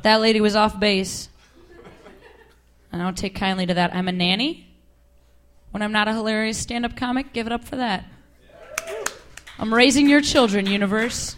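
A young woman doing a stand-up comedy set on a club stage, wry and deadpan with quick asides. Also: mid-range voice. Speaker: stand-up comic.

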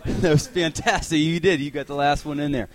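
A man's voice: on the high side, fairly even intonation, a little fast. Ranting male stand-up comic. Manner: exasperated rants with acted-out voices. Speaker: stand-up comedian. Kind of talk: stand-up comedy set. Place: comedy club stage.

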